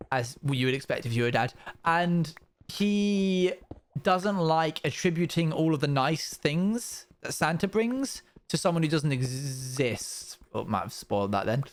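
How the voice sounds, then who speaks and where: Streamer guy, slightly high voice, rambles and restarts a lot, dry humour. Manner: chatty, wry, rambling with frequent restarts. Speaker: streamer reacting to a video. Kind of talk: casual live-stream commentary.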